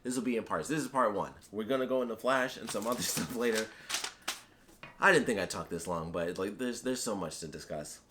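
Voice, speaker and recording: A man's voice: fairly low pitch, brisk, background noise. A man giving a casual, rambling spoken film review, enthusiastic and full of fillers. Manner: rambling and enthusiastic, heavy on "like" and "you know". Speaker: YouTube movie reviewer.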